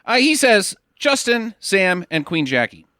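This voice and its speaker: A man's voice: high-pitched, very animated, a little slow, sharp tone, no room sound, clean studio sound. A man hosting a podcast, upbeat and jokey, reading listener mail. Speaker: podcast host. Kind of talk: casual chat.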